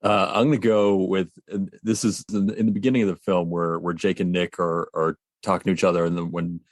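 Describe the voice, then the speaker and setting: Lower-voiced rambling man. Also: level tone, a little fast, no room sound, clean studio sound. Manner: rambling, hesitant, restarts often. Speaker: podcast co-host. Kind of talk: casual podcast chat.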